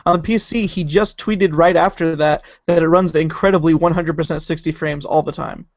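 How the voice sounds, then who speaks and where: A man's voice: fairly high pitch, steady tone, a little fast, no echo, muffled recording. A man co-hosting a casual podcast who chats eagerly and trails off while searching for things. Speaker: podcast co-host. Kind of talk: casual chat.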